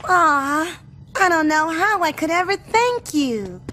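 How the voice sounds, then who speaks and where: An actress voicing a polite, slightly posh young girl in an animated sitcom. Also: extremely high pitch, slow pace, soft background music, full character voice. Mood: sweet. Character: sweet, prim young homeless girl from uptown.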